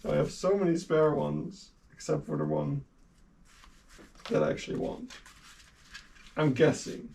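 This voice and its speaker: A man's voice: fairly high pitch, a little slow, gravelly, long pauses, darkish tone, far from the mic. Young native-Dutch male streamer, casual and giggly, set back from the mic with faint hiss. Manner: chatty and laughing often, with casual swearing. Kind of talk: casual chat while sorting a collection.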